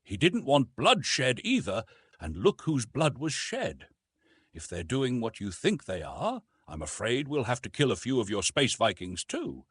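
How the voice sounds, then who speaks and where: A man's voice: mid-range voice, wildly swooping pitch, a little slow, husky, dry recording, heavily acted. A man voicing an earnest, grave male prince in an audiobook.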